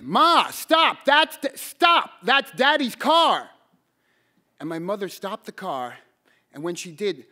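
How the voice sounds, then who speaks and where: High-voiced man telling a true story. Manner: earnest, halting repeats, bursts into shouted quotes. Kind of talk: live personal storytelling. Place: storytelling stage event.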